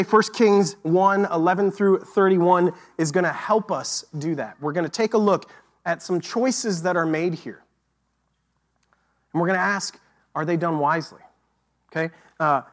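A man with a high voice preaches to his church in a loose, chatty way. He leans on fillers and repeats his key lines for emphasis. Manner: casual, conversational preaching with frequent fillers. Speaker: pastor. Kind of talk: sermon.

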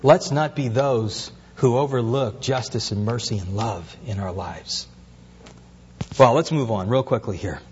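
A man's voice: mid-range voice, normal speed, few pauses, in a large hall, muffled recording, a little hiss or hum. A pastor preaching an earnest sermon, his voice rising as he asks questions.

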